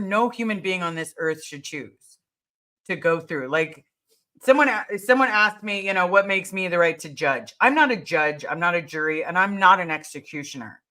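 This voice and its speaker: A woman's voice: lowish voice, pushed and bright. A woman hosting a casual livestream, answering viewer questions in an earnest, emphatic way and repeating her key words.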